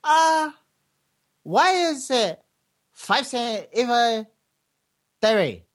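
A man voicing a high-voiced, fussy male shopper who keeps asking prices politely. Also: very animated, takes it slowly, fairly bright tone, full character voice. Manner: squeaky, polite, pleading.

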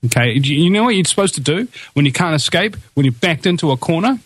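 A man's voice: on the high side, expressive, fast talker, breathy edge, no room sound. A man from New Zealand hosting a political talk radio show, speaking in an impassioned, rallying way with many restarts and fillers.

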